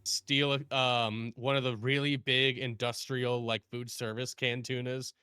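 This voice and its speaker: A man chats on a call in an animated way, laughing often and slipping into put-on voices. His voice is bright and forceful, with smooth, crisp clarity. The sound is dry and close. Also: mid-range voice, unhurried, dry recording. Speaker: guest streamer. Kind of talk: casual chat.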